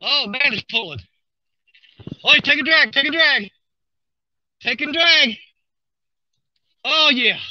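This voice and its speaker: A man talks to his viewers on a live stream from a river bank, cheering and coaxing while he reels. His voice sits very high and bright, and his drawl runs slow. The stream audio sounds dull and lo-fi. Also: expressive, no room sound. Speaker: fishing livestreamer. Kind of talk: excited live commentary while fishing.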